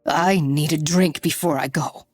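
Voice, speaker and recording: A woman's voice: deep voice, fairly even intonation, unhurried, no room sound, soft background music. A woman reader voicing a nervous, defensive man pleading his innocence in an audiobook. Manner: nervous, whiny.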